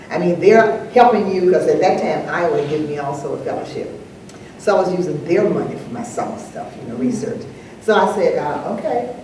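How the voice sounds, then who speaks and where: Older woman telling stories in an echoey hall. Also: low-pitched. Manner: animated storyteller, acts out dialogue. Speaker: panel speaker. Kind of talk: anecdotal panel talk. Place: large echoey hall, live event. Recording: echoey hall, distant mic, faint noise.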